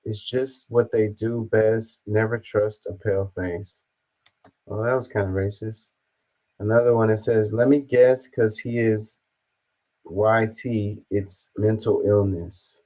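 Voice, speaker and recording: Low-voiced man reacting bluntly to news. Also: steady tone, takes it slowly, dark tone, low-quality recording. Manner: blunt, swears casually. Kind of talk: casual reaction commentary, reading comments aloud.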